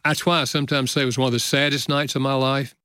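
An older man, a guest author, telling a personal story in an earnest, measured way in a casual conversation. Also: mid-range voice, flat delivery, sharp tone, smooth, no echo, clean studio sound.

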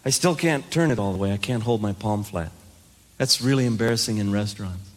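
A man doing stand-up comedy, telling self-deprecating stories in an animated way and acting out the dialogue. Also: on the low side, brisk.

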